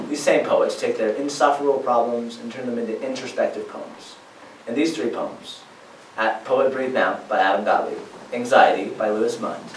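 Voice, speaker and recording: A man's voice: mid-range voice, slight background noise. A man reciting spoken word poetry in a rhythmic, emphatic way, heard from a distance in a performance hall. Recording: echoey hall, distant mic.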